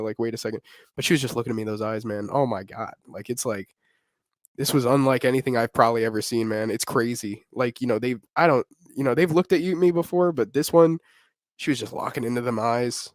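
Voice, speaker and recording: A young man co-hosting a podcast, telling a rowdy story in casual slang, animated and laughing often. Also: medium pitch, no room sound, studio quality. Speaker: podcast co-host.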